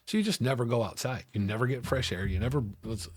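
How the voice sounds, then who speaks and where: A fast-talking middle-aged man with a medium-pitched voice appears as a guest in a candid interview. Earnest as he goes over his past, he acts out old conversations with raised voices, and there's no room sound.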